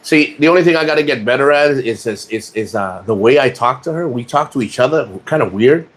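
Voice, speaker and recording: A man's voice: mid-range voice, animated, brisk. A man vlogging from a rented room, joking crudely and rambling with lots of restarts. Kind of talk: casual chat to camera.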